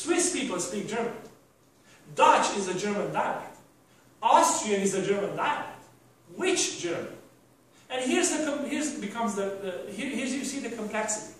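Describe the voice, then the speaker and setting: Male lecturer, rambling with rhetorical questions; very echoey hall recording, distant mic. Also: very high voice. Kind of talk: university lecture.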